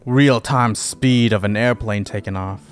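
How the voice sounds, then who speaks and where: A man's voice: lowish voice, measured pace, soft background music. A man co-hosting a reaction video, joking and bantering casually with his friend.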